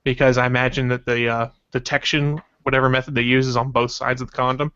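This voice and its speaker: A man's voice: mid-range voice, fast talker, clean tone, lo-fi sound. A man hosting a casual podcast, loosely reading out news and chat messages. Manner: relaxed, rambling, reads out news and chat messages. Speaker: podcast host.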